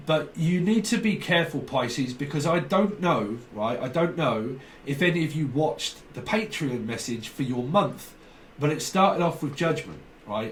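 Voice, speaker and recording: A man in an echoey room, set back from the microphone, talks through a tarot reading in a loose, rambling way. He free-associates from word to word, repeats himself and circles back, at an average male pitch. A faint hum of background noise sits under his voice. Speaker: tarot reader. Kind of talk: casual spoken tarot reading. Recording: roomy echo, distant mic, faint background noise.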